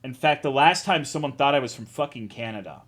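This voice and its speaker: A man's voice: mid-range voice, a little fast, fairly bright tone. Rambling, foul-mouthed male streamer. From Texas, USA. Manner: rambling, profane, self-deprecating. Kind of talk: casual chat reading and answering live chat.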